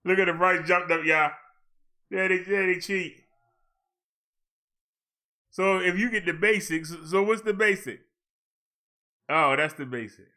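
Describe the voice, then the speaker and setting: A man's voice: high voice, a little slow, long pauses, sharp tone. A man hosting a casual live chat, browsing online and grumbling at the screen while he talks to viewers. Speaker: channel host.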